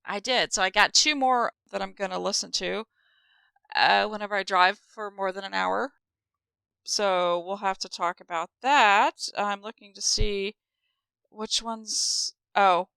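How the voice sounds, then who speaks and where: A woman co-hosting a podcast in casual, rambling chat, quick to laugh and tired after a long drive. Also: mid-range voice, gravelly, pushed and bright, smooth, no echo, poor audio. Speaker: podcast co-host.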